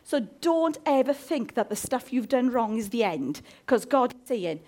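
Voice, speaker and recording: A woman gives a sermon in a high, bright-sounding voice that leaps up and down in pitch. She is jokey and animated and keeps turning questions back to her listeners. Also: normal speed, hardly any pauses. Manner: animated, humorous, asks the audience questions. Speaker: preacher.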